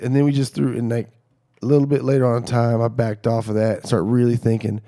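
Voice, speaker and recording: Middle-aged man, gravelly and mellow, casual podcast storyteller who acts out the dialogue. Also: mid-range voice, quick pace. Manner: animated storyteller acting out quoted dialogue.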